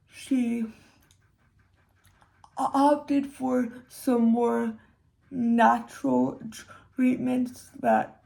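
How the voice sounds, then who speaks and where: Young woman, high voice, heavy vocal fry, casual commentary, sarcastic asides. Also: warm tone. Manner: unhurried, hesitant with restarts and sarcastic asides. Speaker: commentary creator.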